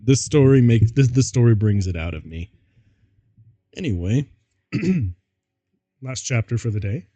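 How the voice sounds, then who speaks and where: A male streamer reading fan fiction aloud with mock exasperation. He talks slowly with a lively, swinging pitch. The recording is close and dry. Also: no echo. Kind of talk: comic dramatic reading.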